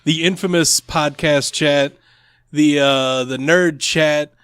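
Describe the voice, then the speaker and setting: Man, slightly higher voice, rambling, laughing, casual co-host, dry close mic. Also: steady tone, slow, a bit bright, clean tone, dry recording. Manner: rambling, laughing, filler-heavy. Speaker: podcast co-host. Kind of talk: casual chat.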